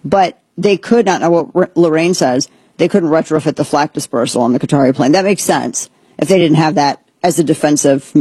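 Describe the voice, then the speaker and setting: A woman delivers political commentary as a show host. She is blunt and sarcastic and throws in quick asides. Her voice is husky and mellow, and the recording is dry. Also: deep voice, dry recording.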